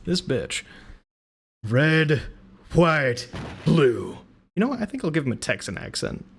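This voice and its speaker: A man's voice: fairly high pitch, huge pitch swings, fast, a little hiss or hum. A man streaming a video game, reading its text aloud and dropping crude asides. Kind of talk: live gameplay reading and commentary. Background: game music.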